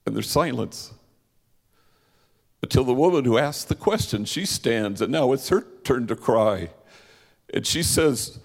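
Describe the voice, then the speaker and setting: A man preaching a sermon as a vivid storyteller who slows down for emphasis. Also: medium pitch, creaky, husky. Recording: long hall reverb.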